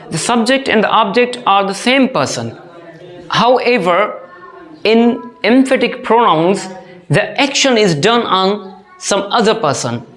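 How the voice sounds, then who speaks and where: Grammar teacher, classroom lesson, deliberate, repeats phrases, mid pitch, calls listeners dear students. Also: a bit bright. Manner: slow, deliberate, repeats each phrase and example.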